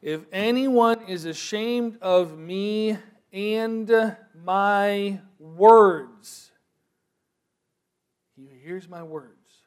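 A man preaching a sermon, moving from quiet, thoughtful asides to loud, emphatic proclamation. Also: high voice, very slow, clean tone.

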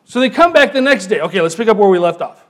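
A man preaching a sermon as pastor, telling the story with lively, animated delivery and acting out voices. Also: high voice, fast.

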